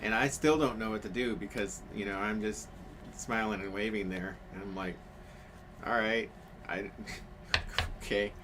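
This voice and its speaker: A man's voice: lowish voice, normal speed, background noise. A man telling a rambling story in casual chat on a craft stream, full of fillers and restarts.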